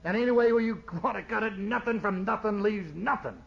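A man's voice: high voice, fairly quick, vocal fry. An older man giving a personal recovery testimony at a meeting, plainspoken and streetwise, emotional as he speaks. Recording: dull lo-fi recording.

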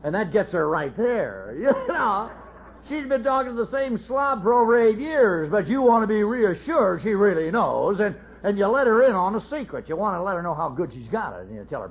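A middle-aged man tells his recovery story as an AA speaker, folksy and self-mocking with wry humor. His voice sits high with a sing-song lilt at normal speed, captured on a dull lo-fi tape recording.

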